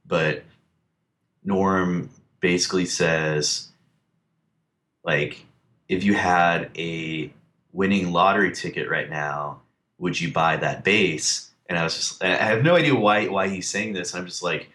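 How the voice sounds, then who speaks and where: A deep-voiced man telling a long personal story in relaxed conversation. He rambles with plenty of fillers and acts out other people's lines as he goes. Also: unhurried. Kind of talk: casual storytelling.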